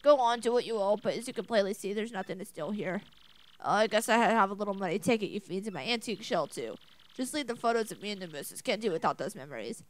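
A woman's voice: mid-range voice, expressive, fast, lightly acted. A woman voicing a fretful old male turtle creature in a video game, with a quavering delivery.

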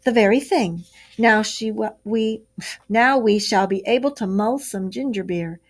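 A woman voicing a brisk, masterful male water rat who gives hearty orders in a storybook read-aloud. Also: medium pitch, lightly acted. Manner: hearty, commanding.

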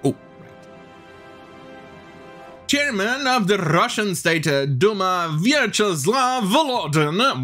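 A man's voice: fairly high pitch, pushed and bright. A man hosting a mocking news-commentary rant, swearing and laughing as he goes. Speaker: commentary host.

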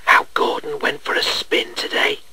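A man's voice: mid-range voice, fairly even intonation, normal speed, husky. A man voicing a sly, gossiping engine in a hissing whispered role-play.

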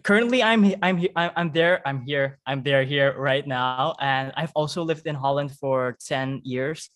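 A man from Suriname, a guest telling stories about himself in casual conversation, expressive and quick to laugh. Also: medium pitch.

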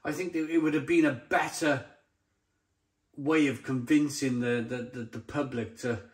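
A man's voice: medium pitch, fairly even intonation, moderate pace. A man reviewing a beer to camera in a blunt, exasperated way, often stumbling and repeating himself. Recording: roomy echoey sound.

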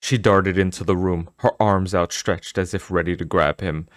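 A man narrating an audiobook in an expressive, dramatic storytelling manner. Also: sits low, moderate pace, no echo, clean studio sound.

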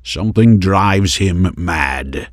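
A man's voice: low-pitched, lively intonation, slow, no room sound, clean studio sound. A man voicing a stern veteran warrior in an audiobook, firm and grave as he warns.

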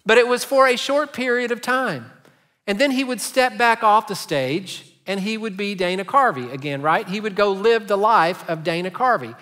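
A man's voice: high-pitched, normal speed, bright, forceful tone, in a large hall. A man preaching a sermon as pastor, telling stories and asking rhetorical questions in a conversational way. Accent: Texan. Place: large church sanctuary.

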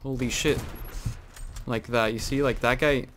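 A man's voice: medium pitch, measured pace, slight background noise. Chatty man narrating his gameplay. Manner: chatty, rambling with many fillers, bursts into excited exclaims. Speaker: gaming channel host. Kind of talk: casual gameplay commentary.

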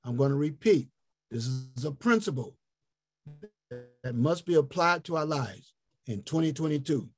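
A man teaching a health ministry group over an online call, slowly spelling out and repeating words as he invites answers. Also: a little high, animated, faint music behind. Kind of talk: interactive online teaching talk.

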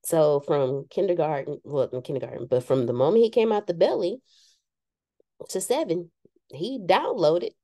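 In a candid motivational talk to an assembled group, this woman pokes fun at herself and acts out the people she quotes. She speaks at a moderate pace in a low, warm, mellow voice. The recording sounds close and dry, without any echo.

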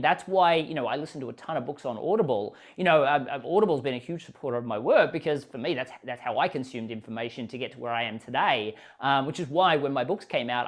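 Chatty man with an Australian accent. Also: medium pitch. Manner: chatty, many restarts and "you know". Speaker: podcast guest, author. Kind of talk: casual interview talk.

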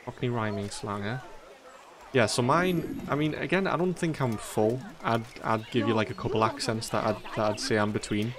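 A man's voice: medium pitch, normal speed. A man from northeast England with a Geordie-Mackem accent, chatting casually while streaming a game. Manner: rambling, chatty, laughs often. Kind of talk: casual gameplay commentary.

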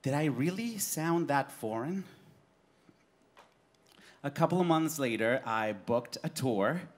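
A man performing autobiographical cabaret storytelling on a live stage, animated and laughing through his lines. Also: medium pitch, takes it slowly.

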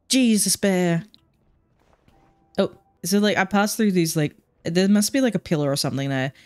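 A woman's voice: medium pitch, unhurried, darkish tone. A woman streamer playing a story game, chatty and laughing, swearing freely as she reacts. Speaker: VTuber streamer. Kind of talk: casual game commentary and reading aloud.

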